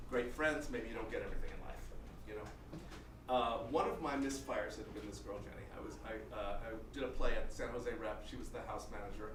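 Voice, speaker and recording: A middle-aged man telling stand-up stories in a chatty, self-deprecating way, full of restarts and fillers. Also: medium pitch. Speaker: guest storyteller. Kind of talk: stand-up storytelling. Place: small comedy venue. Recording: roomy hall mic, from a distance, noisy.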